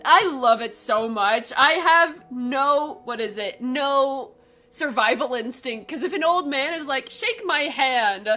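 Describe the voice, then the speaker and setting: A woman's voice: sits high, unhurried, pushed and bright, faint music behind. A woman hosting a live comic read-through, chatting casually and laughing often. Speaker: streamer reading comics. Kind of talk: casual chat.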